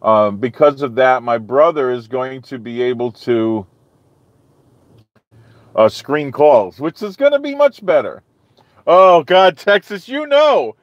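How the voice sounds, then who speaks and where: A man's voice: medium pitch, animated, slow pace, no room sound, lo-fi sound. Rambling man hosting a live stream. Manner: rambling, restarts, frequent "okay?" and "you know". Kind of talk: casual chat with live viewers.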